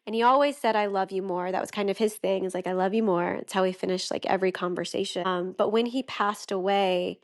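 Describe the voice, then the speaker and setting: A woman's voice: medium pitch, steady tone, fairly quick, few pauses. A young woman, a podcast guest, telling a heartfelt personal story with many "like"s and "um"s. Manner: emotional, heartfelt, frequent "like" and "um".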